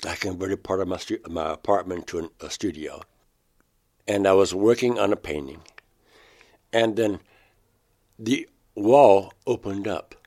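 A man being interviewed, telling of a personal experience in a halting way, often restarting words. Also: low voice, darkish tone. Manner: halting, restarts words, rises sharply when quoting himself. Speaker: interviewee, painter.

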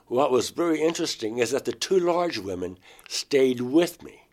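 A man recounting a personal experience in an interview, in a halting, emotional way. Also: medium pitch, very animated.

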